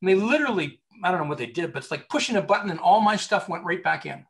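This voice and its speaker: A man's voice: sits high, fast talker, gravelly. A man who works as a recruiter and author, telling stories emphatically as a guest in an interview. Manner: animated storyteller, emphatic. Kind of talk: conversational interview.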